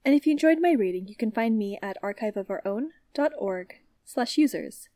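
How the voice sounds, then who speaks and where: A woman reading fan fiction aloud as a podfic reader, in a calm, even storytelling manner. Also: on the high side, moderate pace, no echo.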